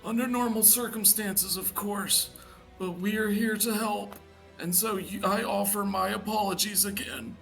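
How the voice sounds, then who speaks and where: A man voicing a formal, gentle adventurer who speaks in courtly, earnest tones and apologizes with care. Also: high-pitched, steady tone, measured pace, gravelly, soft background music, voice pushed up, full character voice, rough recording.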